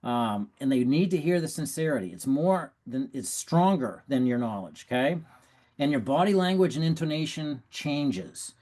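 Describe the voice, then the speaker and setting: Energetic man coaching sales on a call. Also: on the high side, normal speed. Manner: energetic, conversational, frequent restarts. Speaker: sales trainer. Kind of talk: casual training talk on a video call. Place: home, on a video call. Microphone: video call.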